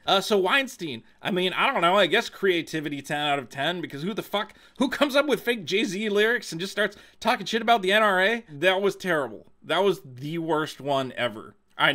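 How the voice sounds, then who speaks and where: A man's voice: a little high, pushed and bright. A man hosting a comedic commentary video, sarcastic and incredulous, swearing and laughing as he reads quotes aloud.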